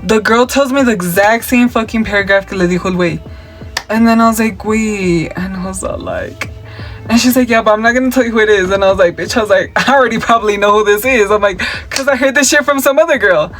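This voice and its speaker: A man's voice: high-pitched, quick pace, fairly bright tone, soft background music. A young man, chatting casually through a makeup tutorial and story time, sassy and profane, mixing Spanish slang into his English. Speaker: makeup vlogger. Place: at home.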